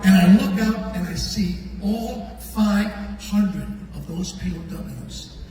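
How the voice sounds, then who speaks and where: An older man, a guest entertainer, telling a story in an animated, chatty way and acting out the voices of the people in it. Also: sits high, slow, a little hiss or hum. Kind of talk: storytelling anecdote. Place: large echoing tunnel venue. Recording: echoey hall from far off, with crowd.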